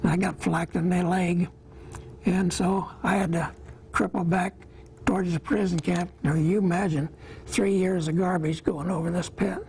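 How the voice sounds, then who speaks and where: A man in his eighties from Iowa, a war veteran telling his memories in an interview, plain-spoken and halting, with small pauses. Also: high voice, little pitch movement, a little mellow, a little hiss or hum, poor audio.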